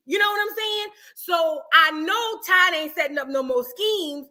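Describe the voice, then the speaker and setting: A woman's voice: very high voice, a little slow, hardly any pauses, sharp tone. A woman hosting a casual live stream, chatting animatedly and reading out viewer comments. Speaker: livestream gossip host.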